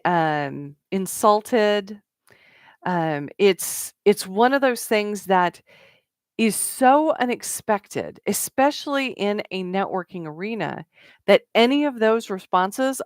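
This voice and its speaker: A woman's voice: medium pitch, smooth, no room sound. Woman coaching on networking, dry sound. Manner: conversational with fillers and acted-out quotes. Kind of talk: casual talk to camera.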